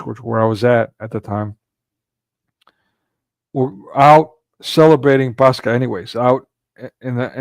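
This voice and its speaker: A man's voice: medium pitch, a little mellow, no room sound. A man hosting a casual livestream commentary, talking in a rambling way with frequent restarts and filler words. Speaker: livestream host.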